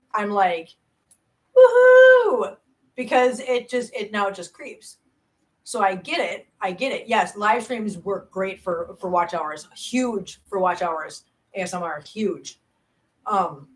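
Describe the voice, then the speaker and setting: A woman's voice: medium pitch, a bit bright. Brief: middle-aged woman, casual streamer, loose chatty delivery with restarts. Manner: chatty, rambling, frequent restarts and self-laughs; reads viewer chat aloud. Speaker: YouTube cat channel host. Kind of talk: casual live stream chat.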